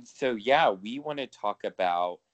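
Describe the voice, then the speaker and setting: Man, podcast co-host, lowish voice, dry close sound, swears a lot, laughs often. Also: expressive, measured pace, dry recording, dull audio. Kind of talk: casual chat.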